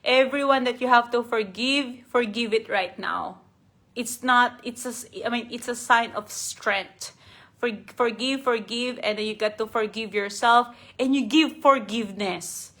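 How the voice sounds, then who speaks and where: A woman's voice: on the high side, measured pace, fairly bright tone. Earnest woman giving a heartfelt live talk. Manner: heartfelt, earnest, repeats and restarts words. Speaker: life coach hosting a live stream. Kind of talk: unscripted motivational talk.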